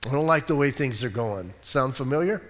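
A man's voice: mid-range voice, expressive, a little fast, in a large hall. A middle-aged man preaching a casual, conversational sermon as pastor, folksy, with many fillers and restarts. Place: church sanctuary.

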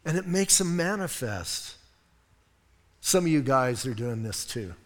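A man's voice: medium pitch, big pitch swings, a little slow. A man preaching a sermon as a pastor, conversational and enthusiastic, addressing a congregation in a church. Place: church sanctuary. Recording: long reverb in a church hall.

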